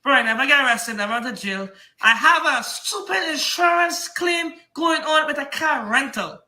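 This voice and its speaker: A man's voice: very high voice, lively intonation, normal speed, pushed and bright, reverberant. A man with a Trinidadian accent, a comic book seller giving a rambling, heated, repetitive defense of himself on his livestream.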